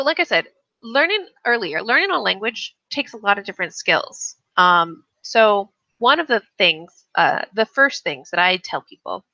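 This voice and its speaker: Chatty woman teacher, bright, dry sound. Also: mid-range voice, no room sound, lo-fi sound. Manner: chatty, restarts often, reads chat aloud. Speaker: English teacher. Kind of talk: live-streamed casual lesson.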